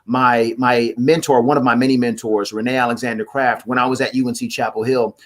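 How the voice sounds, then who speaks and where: A man, a guest on a live talk show, telling stories about acting and family with big swings in pitch. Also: brisk. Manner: animated, preacherly storytelling with wide swings in pitch. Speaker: guest, actor and playwright.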